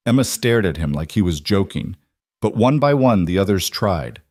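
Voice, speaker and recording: Low-voiced male story narrator. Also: very animated, normal speed, darkish tone, dry recording, studio quality.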